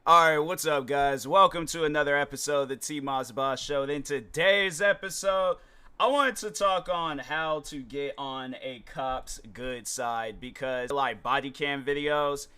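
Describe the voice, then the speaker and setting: A man hosting a casual solo vlog, talking loosely with slang and restarting his sentences often. His voice is somewhat high and bright, with a forceful edge. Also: measured pace, smooth. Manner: rambling, slangy, many restarts. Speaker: show host.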